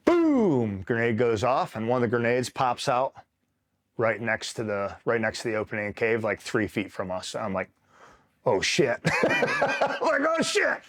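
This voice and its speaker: A middle-aged man from upstate New York tells his war stories in an easy, conversational way, with a voice that sits a little low. He swears freely and acts out what people said, often laughing as he does. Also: flat delivery, normal speed, fairly bright tone. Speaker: retired Marine telling war stories. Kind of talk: casual storytelling interview.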